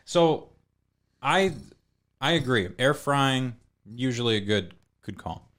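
A man's voice: mid-range voice, lively intonation, takes it slowly, a bit bright. A man co-hosting a podcast in casual chat, teasing with profane banter. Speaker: podcast co-host.

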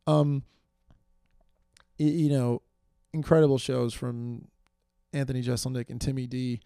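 Gravelly, mellow-voiced tired podcast host. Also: male voice, mid-range voice, no room sound, studio quality. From New York. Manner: rambling, self-deprecating, many fillers. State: tired, fading energy. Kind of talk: solo podcast chat.

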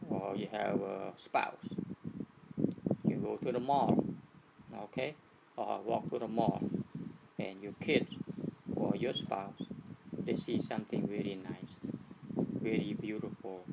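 Gravelly guy teaching casually, lots of okay and right?, heavy hiss behind. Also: fairly low pitch, steady tone. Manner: repetitive, halting, checks in with "right?" and "okay". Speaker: speaker giving a talk on attachment. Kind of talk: informal teaching talk. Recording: loud background noise.

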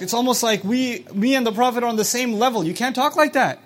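A man lecturing on scripture, explaining words and quoting short Arabic passages, who asks his listeners questions and acts out quoted speech. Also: extremely high pitch. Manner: recites Arabic quickly between English explanations. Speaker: Quran teacher.

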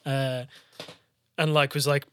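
A man's voice: medium pitch, little pitch movement, takes it slowly, a bit bright, clear, resonant tone, no room sound. A man telling long, jokey travel stories in casual chat, swearing freely and rambling.

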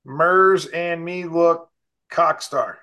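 Hesitant bright-voiced man on a call. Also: a little high, extremely slow, clear, resonant tone. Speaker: call participant. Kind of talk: casual chat.

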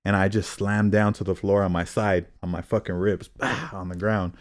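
A man's voice: low voice, steady tone, normal speed, no room sound. Young man, casual podcast storyteller, profane and laid-back, dry close sound.

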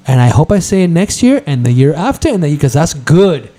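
A middle-aged man with a slightly high but warm, dark voice hosts a casual podcast. He tells a story with heat and jumps into higher voices to mimic the people in it. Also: a little fast. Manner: heated, animated storytelling, mimics others in a higher voice. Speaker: podcast host. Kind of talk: casual chat.

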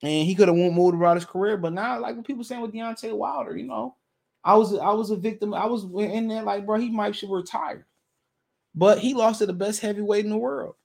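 Gravelly, high-pitched blunt fight-talk man. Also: fairly quick, a little mellow. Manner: blunt, emphatic, repeats phrases, slangy. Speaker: boxing commentator. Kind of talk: casual boxing opinion rant.

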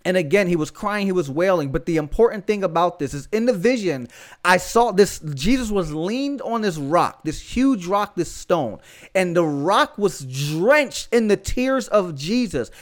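A man's voice: sits high, lively intonation, a little slow. A man hosting a podcast, telling a testimony in a fervent, emphatic way with casual asides to his listeners. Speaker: podcast host.

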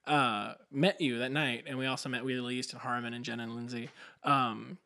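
A man's voice: medium pitch, level tone, moderate pace, sharp tone. A man hosting a podcast, talking casually with a guest, rambling and giving many short affirmations. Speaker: podcast host. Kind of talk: casual interview chat.

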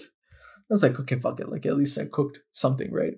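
Young male podcast host, casual solo storytelling, frustrated and expletive-heavy, with big upward pitch jumps. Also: brisk, vocal fry, a little mellow, breathy edge. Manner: exasperated, swearing, voice jumps high when frustrated.

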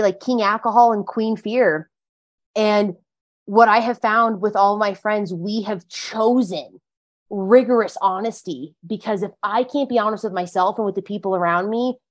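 Chatty woman guest, candid and emphatic. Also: mid-range voice. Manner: chatty and emphatic, heavy use of "like". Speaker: podcast guest sharing her recovery story. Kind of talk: casual conversational interview.

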